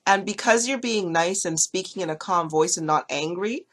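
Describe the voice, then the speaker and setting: A woman with a slightly low voice talks viewers through a casual hair care tutorial. She is chatty and gentle, full of fillers and little restarts, reassuring as she explains each step. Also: moderate pace. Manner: chatty, with many fillers and self-corrections.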